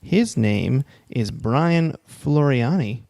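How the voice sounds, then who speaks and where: A man's voice: mid-range voice, lively intonation, extremely slow, creaky, warm tone, no room sound, studio quality. A man co-hosting a podcast, reading out feel-good news stories in a rambling, joking, self-deprecating way. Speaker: podcast co-host. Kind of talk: casual comedic chat, reading news stories.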